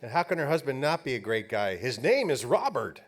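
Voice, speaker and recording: A man's voice: medium pitch, sing-song, brisk, a little hiss or hum. A man emceeing an awards banquet, joking briefly and then reading an honoree's introduction. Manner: upbeat, lightly joking. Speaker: master of ceremonies. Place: banquet hall.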